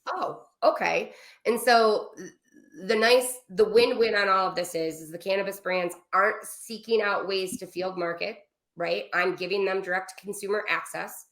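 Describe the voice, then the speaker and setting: A woman on a podcast interview explains her travel business in a rush of asides and quick pivots. Her voice sits in a noticeably roomy, echoing space. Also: medium pitch. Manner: fast, animated explaining with asides. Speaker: guest, travel business owner. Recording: roomy echo.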